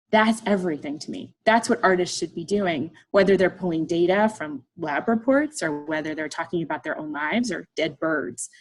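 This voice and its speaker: A middle-aged woman artist giving a humorous talk, telling a personal story to an audience in a lively, self-deprecating way and acting out the people in it. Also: fairly low pitch.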